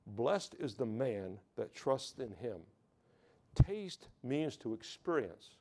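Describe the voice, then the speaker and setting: A warm, sing-song mid-range voice moves slowly as an American man gives a sermon of personal testimony. He stumbles often, repeats words, and keeps calling out for amens from the congregation.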